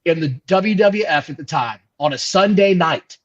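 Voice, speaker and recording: A man co-hosting a wrestling podcast, telling stories in a slangy, animated way. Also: fairly high pitch, moderate pace. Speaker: podcast co-host. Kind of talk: casual chat. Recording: dull lo-fi sound.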